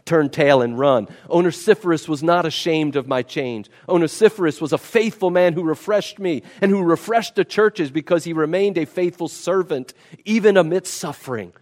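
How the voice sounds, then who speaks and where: A man's voice: a little high, moderate pace, a little mellow. A man preaching a sermon, emphatic and repeating key words for stress. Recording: long reverb of a large hall.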